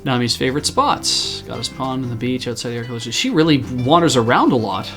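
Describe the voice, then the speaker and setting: A mid-pitched man talks casually through a farming game, answering chat and poking fun at himself. Faint guitar music plays quietly behind him. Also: animated, quick pace. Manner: chatty, self-deprecating, answers chat. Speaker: streamer playing a farming game.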